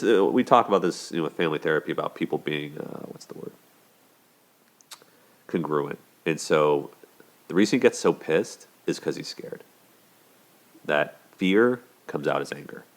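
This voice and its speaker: A man hosting a show, giving casual commentary on relationships in a conversational way, with plenty of fillers and restarts. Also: extremely low pitch. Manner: conversational, many "you know" and "like" fillers and restarts. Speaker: host.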